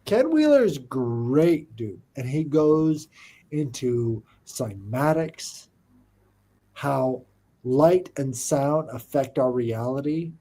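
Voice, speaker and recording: A man's voice: medium pitch, animated, slow pace, dark tone. A man in casual conversation, explaining big ideas emphatically and often asking if the listener follows. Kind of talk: casual chat.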